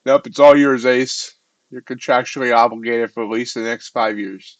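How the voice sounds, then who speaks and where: A man's voice: medium pitch, steady tone, moderate pace. A man from eastern Pennsylvania hosting a live stream, bantering casually with viewers in a loose, rambling way.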